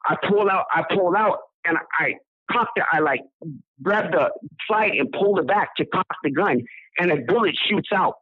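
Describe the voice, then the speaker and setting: A man's voice: sits high, normal speed, breathy edge, dry recording. A man from Southern California telling his own story in a rambling, casual way, repeating words and acting out what people said. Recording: dry tinny phone line.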